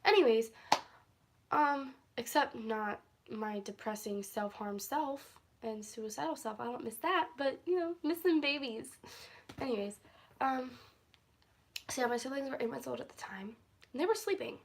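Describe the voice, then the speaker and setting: A woman's voice: on the high side, moderate pace. A young woman telling a story in a casual vlog on her phone at home, rambling, easily sidetracked and laughing often. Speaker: vlogger. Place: at home, indoors.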